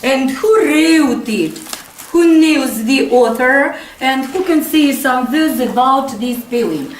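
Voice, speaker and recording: Lady teacher, high voice, keeps prodding the kids w questions, big echoey room, mic far off. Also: takes it slowly, a little hiss or hum. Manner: prompting, coaxing pupils with repeated questions. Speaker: English teacher. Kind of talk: classroom teaching. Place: school classroom.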